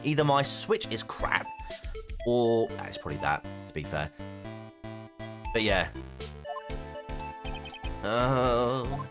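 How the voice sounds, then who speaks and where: A man's voice: mid-range voice, slow, pauses often. A British man hosting a game playthrough, joking and mocking himself as he comments. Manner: joking, self-mocking, animated. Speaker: let's play host. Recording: game music underneath.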